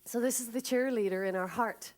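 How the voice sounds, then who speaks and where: A woman's voice: fairly high pitch, brisk. A woman speaker giving an inspirational talk at a spiritual service and leading the congregation in an affirmation. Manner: lively, leads the congregation in an affirmation.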